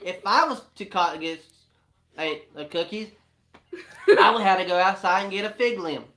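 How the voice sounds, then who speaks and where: A man, telling homestead stories in a casual, animated, laughing way. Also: high voice, moderate pace. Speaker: family homesteader, co-host. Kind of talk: casual storytelling chat.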